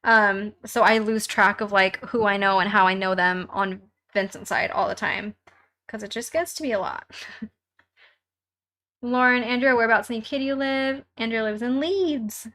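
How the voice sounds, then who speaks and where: A woman's voice: a little high, steady tone, moderate pace, pushed and bright. A young woman hosting a casual live stream from home while crafting, chatting with viewers and reading their comments aloud in a bubbly way, laughing often.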